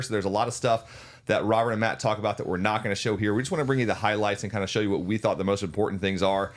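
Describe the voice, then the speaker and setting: Man, co-host, fast friendly sign-off, easygoing fillers. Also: medium pitch. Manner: friendly, steady, uses filler "uh". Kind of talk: closing remarks to viewers.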